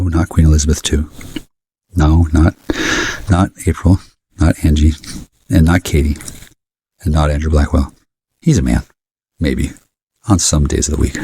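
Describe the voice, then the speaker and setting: Super low gravelly-husky guy on a long rambling angry rant, swears constantly, dry close sound. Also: darkish tone, no echo. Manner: angry, scattered, cursing. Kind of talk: rambling profane rant to camera.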